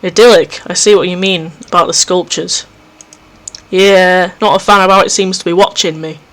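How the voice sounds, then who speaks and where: A man's voice: high-pitched, steady tone, normal speed, bright, forceful tone. Jumpy man reading a horror game aloud. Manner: reads game text aloud, breaks off with jumpy, self-mocking asides. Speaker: let's play host. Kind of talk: reading a visual novel aloud with commentary. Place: home recording setup.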